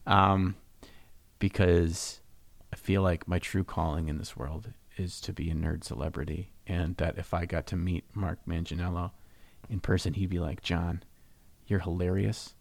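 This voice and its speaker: A young man with a lowish voice co-hosts a relaxed hobby podcast, rambling along and cracking jokes at his own expense. The sound is dry and close, with no room echo. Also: moderate pace, gravelly. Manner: joking, rambling, self-mocking. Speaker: podcast co-host. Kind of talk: casual hobby podcast chat.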